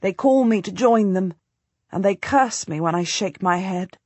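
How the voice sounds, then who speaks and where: A woman narrating a first-person historical novel as an audiobook, in a measured, steady way. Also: mid-range voice, dry recording.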